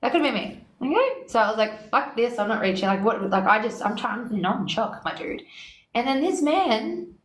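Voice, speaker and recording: A woman telling a story in casual chat. She is animated, swears freely and acts out both sides of quoted talk. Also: fairly high pitch, moderate pace. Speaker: guest. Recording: echoey room with faint noise.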